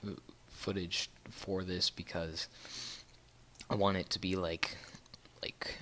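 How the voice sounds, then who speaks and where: A man's voice: low voice, little pitch movement, slow, background noise. Rambling young man telling a story. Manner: rambling, self-correcting, lots of fillers. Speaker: YouTuber. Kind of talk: casual storytime narration.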